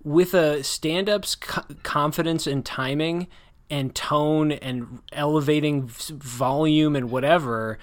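A man's voice: fairly high pitch, fairly even intonation, slow pace. A man hosting a casual book discussion, talking in a critical, rambling way full of restarts and hedges. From United States. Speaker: podcast host discussing a book.

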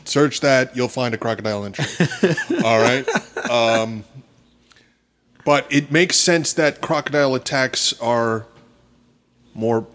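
Mid-pitched man chatting on a podcast. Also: fairly bright tone. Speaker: podcast co-host. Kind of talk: casual podcast chat.

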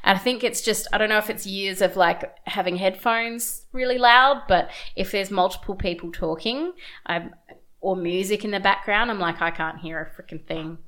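A young woman trades stories on a casual podcast. She talks in a chatty way, breaking into giggles. Her pitch is in the middle range. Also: moderate pace, fairly bright tone. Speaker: podcast co-host. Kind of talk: casual chat.

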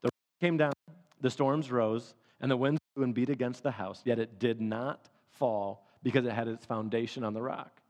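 Animated preacher in a reverberant hall. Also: male voice, medium pitch, moderate pace. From Michigan. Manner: animated storytelling with laughs. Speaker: pastor. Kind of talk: sermon.

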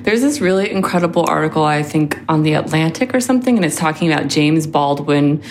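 A woman's voice: low voice, expressive, brisk, a little mellow, a little hiss or hum. A woman co-hosting a podcast in casual chat, talking loosely with lots of "like" and breaking into nervous laughter. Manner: chatty, prone to nervous laughter, many "like"s. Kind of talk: casual conversation.

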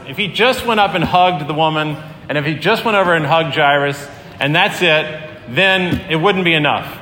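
A man's voice: on the high side, sharp tone. A man preaching a sermon as pastor in a conversational, earnest way with many fillers. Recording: echoey hall, long reverb, faint room noise.

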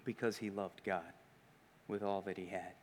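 A man preaching a sermon in an earnest, questioning way, often dropping to hushed emphasis. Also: sits low, little pitch movement, moderate pace, a little hiss or hum.

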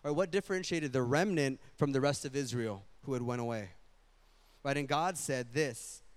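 A young adult man preaching a sermon in a casual, animated way, full of slang and quick asides. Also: medium pitch, clear, resonant tone. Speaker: pastor.

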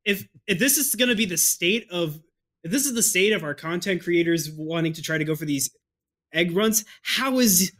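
A young man with a fairly high voice chats on a podcast in a laid-back way, dropping in short jokes and remarks. He sounds relaxed and easygoing. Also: normal speed. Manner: laid-back, chiming in and joking. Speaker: podcast co-host. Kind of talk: casual chat.

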